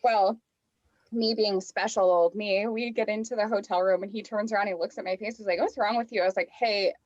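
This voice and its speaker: A woman guest on a podcast, chatting casually and telling an animated story full of fillers and acted-out quotes. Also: mid-range voice, brisk, dry recording, lo-fi sound. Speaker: podcast guest, lifestyle coach. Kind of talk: casual chat.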